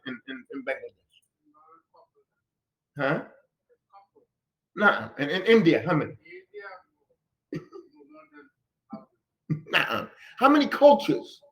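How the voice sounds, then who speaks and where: A religious teacher with a high, slightly bright voice gives a classroom-style lesson in a mosque hall. He throws rhetorical questions at the listeners and repeats phrases to drive points home.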